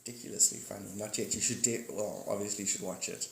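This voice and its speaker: A man's voice: fairly low pitch, fairly even intonation, fast talker, vocal fry, fairly bright tone, a little hiss or hum. A man hosting a casual live stream, rambling, joking and greeting his viewers by name. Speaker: livestream host. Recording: echoey room with faint ambience.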